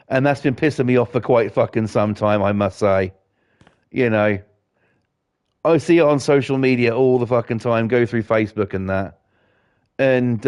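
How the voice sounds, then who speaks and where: A man in middle age rants over his gameplay in a loose, wandering way. He swears constantly and gets more worked up as he talks, with a voice of ordinary male pitch. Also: a little mellow, clear, resonant tone. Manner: sweary, rambling, fired-up. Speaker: gaming streamer. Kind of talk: ranting commentary while gaming.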